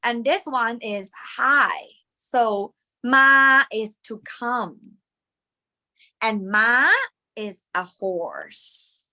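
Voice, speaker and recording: A woman's voice: fairly high pitch, very animated, extremely slow, bright, forceful tone. A woman with a Thai accent teaching a language lesson, patiently repeating sounds for learners to copy.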